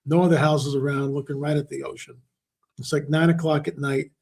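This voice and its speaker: Emphatic man with a mellow voice. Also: a little high, level tone, a little fast, vocal fry, slightly rough. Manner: emphatic, storytelling, repeats words for stress. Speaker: interview guest, author and researcher. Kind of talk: conversational interview talk.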